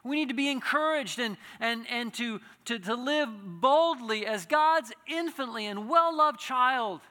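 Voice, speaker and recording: A high, bright male voice preaching in a long-reverb church hall. He speaks earnestly and climbs into impassioned pleading, often restarting his phrases. The sound carries a lingering echo. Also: normal speed. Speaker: pastor. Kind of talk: sermon.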